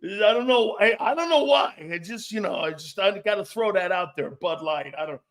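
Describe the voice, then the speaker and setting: A man's voice: high-pitched, expressive, normal speed, fairly bright tone. A man hosting a sports talk show, rambling and joking with frequent laughs, blunt and a bit profane.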